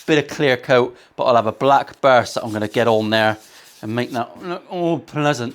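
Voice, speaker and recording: A man's voice: a little high, moderate pace, slight background noise. A man building a guitar in his workshop, chatting in a cheeky, joking, sweary way full of rambling asides. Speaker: luthier, guitar-building vlogger. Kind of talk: casual sweary banter while working.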